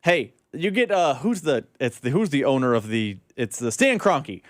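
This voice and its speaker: A man's voice: medium pitch, big pitch swings, moderate pace, no echo. A man co-hosting a casual sports talk radio show, offering puzzled, mocking commentary into a studio microphone.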